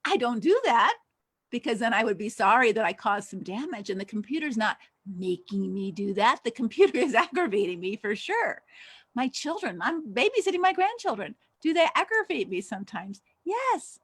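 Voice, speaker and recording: Older woman teaching in a higher voice. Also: big pitch swings, moderate pace, a bit bright, slightly rough, no echo. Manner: conversational, asks many rhetorical questions. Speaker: Christian counselor and coach. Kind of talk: teaching talk to an audience.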